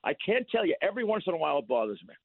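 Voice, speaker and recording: A man's voice: a little high, very animated, creaky, slightly rough, no echo. Older New man on a phone line. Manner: halting, repeats words, laughs while telling stories. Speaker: guest. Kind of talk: casual interview chat. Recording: dry, thin phone-like line.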